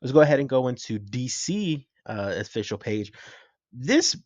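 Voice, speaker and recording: A man's voice: mid-range voice, big pitch swings, normal speed, darkish tone, no room sound. A man giving casual, enthusiastic reaction commentary as a vlogger, rambling and swearing freely. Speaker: comics and film reaction vlogger.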